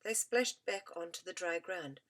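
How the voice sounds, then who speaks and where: A woman reading a children's story aloud as an audiobook narrator, gentle and expressive. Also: on the low side, a little slow.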